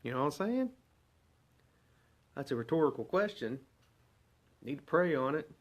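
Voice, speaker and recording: A man's voice: fairly high pitch, lively intonation, moderate pace, lo-fi sound. Man preaching a casual devotional sermon. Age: adult parent. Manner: conversational, asks rhetorical questions.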